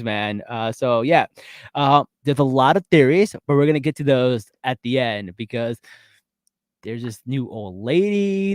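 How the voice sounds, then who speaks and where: Man, fairly high voice, chatty podcast host, casual fan talk, dry close mic. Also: no room sound. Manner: chatty, animated, frequent laughs and fillers. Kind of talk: casual pop-culture chat.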